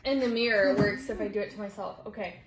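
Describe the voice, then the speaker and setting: A woman's voice: medium pitch, steady tone, fast, crowd noise. Giggly chatty woman on an echoey podcast. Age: 20s. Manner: chatty, giggly, talks to listeners directly. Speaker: podcast host. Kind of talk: casual podcast chat. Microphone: podcast mic. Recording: echoey room, faint background noise.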